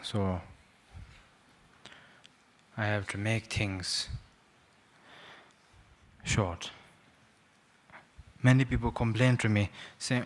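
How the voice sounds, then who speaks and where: Man rambling through a gentle teaching talk. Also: lowish voice, drawn-out words, pauses often. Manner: rambling, self-mocking, with frequent "sort of" and hesitations. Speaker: Buddhist teacher, guest speaker. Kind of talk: informal teaching talk to young people.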